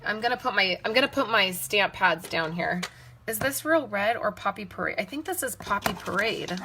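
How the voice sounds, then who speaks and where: A woman with a mid-range, pushed and bright voice leads a casual live card-making demonstration, with a little hiss or hum in the audio. She chats and thinks aloud as she works, answering viewers' comments.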